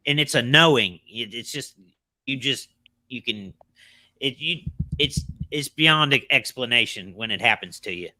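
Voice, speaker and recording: A man hosting the chat who shares his own experience in a sympathetic, halting way. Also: medium pitch, animated, pushed and bright, dry recording. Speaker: podcast host. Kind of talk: casual chat.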